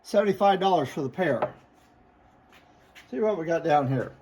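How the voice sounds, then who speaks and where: A man with a high voice runs through glassware for sale, one piece at a time. He names each item, points out chips and repairs, and gives the price in a plain, matter-of-fact way. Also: expressive, moderate pace, noisy background. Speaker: glass seller. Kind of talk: product showcase sales talk.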